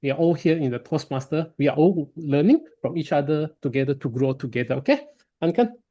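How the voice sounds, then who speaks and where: A man leads an online speaking club session and gives evaluations. His voice is mellow and dark. He speaks politely, with halting, non-native phrasing, over a video call. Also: a little high, animated, highs cut off. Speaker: meeting chair and evaluator. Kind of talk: online club meeting hosting.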